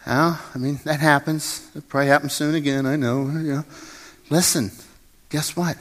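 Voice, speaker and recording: In a church sanctuary, a man delivers an earnest sermon as pastor, repeating phrases and inviting the congregation to speak lines with him. His voice is on the high side, steady and a bit bright at normal speed, and the recording has long hall reverb with faint music.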